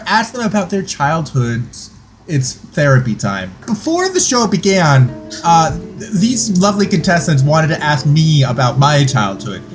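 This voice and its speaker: A man hosting a comedy game show, reading out answers and joking with the players. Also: a little high. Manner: playful, reads results aloud with jokes.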